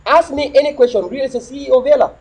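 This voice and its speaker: A man's voice: very high-pitched, fast talker, darkish tone, rough recording. A middle-aged man hosting a livestream, delivering an impassioned, preachy monologue full of repetition and rhetorical questions. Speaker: livestream host.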